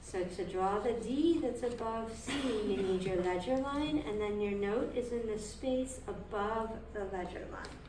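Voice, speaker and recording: A woman's voice: mid-range voice, unhurried, hardly any pauses, darkish tone. A woman leads a group violin lesson, patiently walking her students through a melody and asking them questions as she goes. She sounds a bit distant from the mic, in an echoey room with a faint hum behind her. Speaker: violin teacher. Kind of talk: group music theory lesson.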